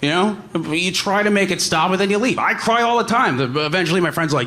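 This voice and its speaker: A young man doing stand-up with a deadpan, halting delivery full of small pauses. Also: high-pitched, a little hiss or hum. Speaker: stand-up comedian. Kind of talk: stand-up routine.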